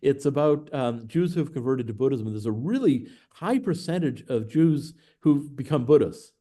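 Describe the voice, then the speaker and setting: A man with an American accent speaks as a podcast guest, warm and mellow in tone. He talks at an easy, thoughtful pace, pausing on filler sounds as he works through a story. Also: mid-range voice, animated. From United States. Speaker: guest, professor of Buddhist studies. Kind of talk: conversational storytelling.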